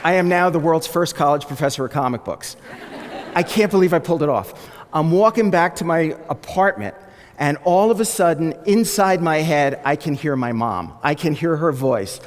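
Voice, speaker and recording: Animated male storyteller in a reverberant hall. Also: on the high side, normal speed. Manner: animated, acts out the people he quotes. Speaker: speaker telling his life story. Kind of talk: storytelling talk.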